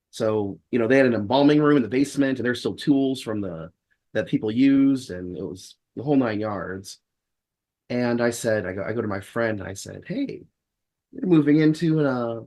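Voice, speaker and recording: A man's voice: on the low side, a little mellow. A man who is a guest on a podcast, telling a story in a wry, rambling way and acting out the dialogue he quotes. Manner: rambling with frequent restarts. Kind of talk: casual storytelling in conversation.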